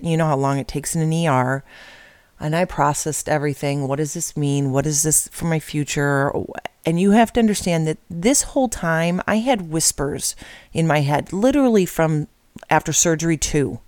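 A woman's voice: sits low, darkish tone, dry recording. A middle-aged woman earnestly telling a personal story, acting out the dialogue as she goes. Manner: earnest, emotional, with quoted dialogue. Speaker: speaker telling her story.

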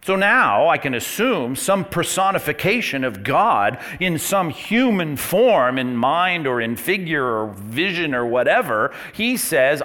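Animated male pastor preaching a sermon. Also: a little high, moderate pace, few pauses. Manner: conversational preaching, rising to emphatic peaks. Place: church.

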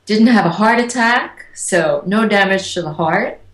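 A woman, an interview guest, telling personal stories in a casual, animated way and acting out the voices of the people she quotes. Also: medium pitch, measured pace. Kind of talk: casual storytelling. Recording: echoey room.

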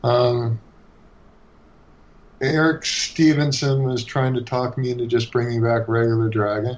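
A man chatting casually on a podcast about his own comic, relaxed, with lots of restarts and fillers. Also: medium pitch, unhurried. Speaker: comic book creator. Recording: dull lo-fi sound.

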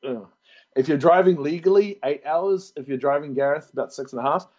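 A man's voice: a little high, brisk, darkish tone. Laughing New Zealand man, muffled audio. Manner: laughs often, playful storytelling. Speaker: podcast guest. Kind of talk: casual podcast chat.

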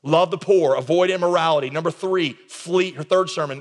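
A man preaching as a pastor, emphatic and conversational, swinging between quiet intensity and raised urgency. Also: on the high side, fairly quick, few pauses. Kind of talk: recorded sermon. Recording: long reverb of a large hall.

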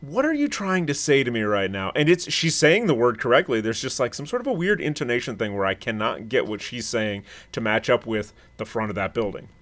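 A man co-hosting a podcast, chatting casually and explaining things in an animated way. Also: mid-range voice, a little fast, few pauses. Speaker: podcast co-host. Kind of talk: casual chat.

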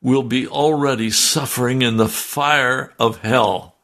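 Male preacher, gravelly voice, slow and fervent delivery. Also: mid-range voice, fairly even intonation, a bit bright. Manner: fervent, slow and emotional, reading scripture aloud. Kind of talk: sermon.

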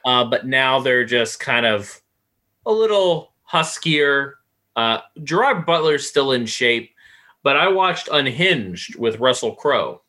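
A man's voice: medium pitch, animated, takes it slowly, sharp tone. A man co-hosting a podcast, talking loosely with swearing and lots of fillers. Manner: loose and profane, many fillers. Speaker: podcast co-host. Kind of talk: casual chat.

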